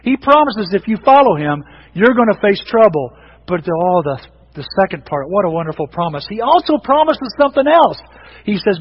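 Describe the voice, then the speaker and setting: A pastor delivers a lively, conversational sermon with a fairly high, slightly husky voice. He restarts sentences as he goes. The sound is dull and lo-fi. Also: a little fast, long reverb tail. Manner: animated and conversational, frequent restarts.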